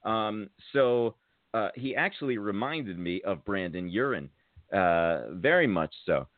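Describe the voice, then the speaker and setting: A man's voice: on the low side, lively intonation, a little slow, dry recording. An American man, a podcast host, telling a rambling, casual story with many fillers. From United States. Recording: tinny phone-like sound.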